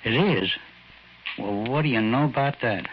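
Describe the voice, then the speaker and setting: A man's voice: medium pitch, normal speed, natural voice. A man playing a timid, humble little old man who stammers and apologizes, in 1940s radio acting style. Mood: shy. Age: older. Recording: muffled old radio recording, faint hiss.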